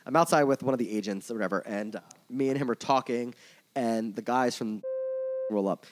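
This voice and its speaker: A man's voice: mid-range voice, brisk. A man guesting on a podcast about his work in music merchandising and touring, telling a story in a casual, rambling way, full of "like" and swearing, candid and openly emotional. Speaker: tour manager and merch coordinator guest.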